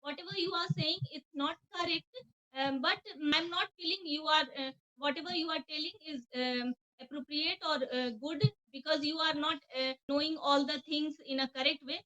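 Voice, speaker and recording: A high, bright-voiced woman with a Bengali accent answering in English practice. She hesitates often, filling pauses with "um" and "uh" while she hunts for the right words, but keeps going. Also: fairly even intonation, highs cut off. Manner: hesitant, many fillers, searching for words. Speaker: English learner. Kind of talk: practice conversation.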